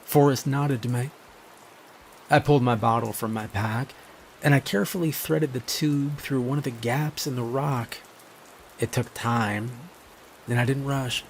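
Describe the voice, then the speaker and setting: A man telling a first-person horror story in a measured, grave scripted narration. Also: medium pitch, a little hiss or hum.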